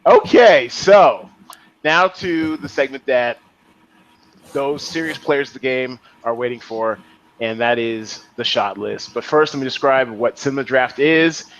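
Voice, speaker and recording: A man's voice: medium pitch, measured pace, muffled recording. A man hosting a podcast in casual chat, joking around and laughing often. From Las Vegas area. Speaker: podcast host.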